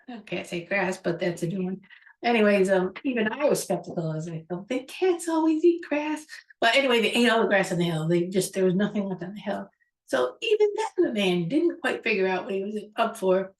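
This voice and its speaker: A woman's voice: mid-range voice, expressive, fairly quick. A woman hosting a show, musingly retelling a childhood story with a reflective, rambling manner. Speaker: host. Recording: echoey room, far from mic.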